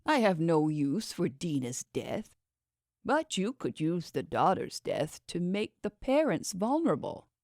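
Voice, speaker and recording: A woman voicing a smooth, condescending male schemer who talks others into his plans. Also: fairly low pitch, big pitch swings, a little slow, darkish tone, no room sound, clean studio sound. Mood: persuasive. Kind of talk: audiobook character voice.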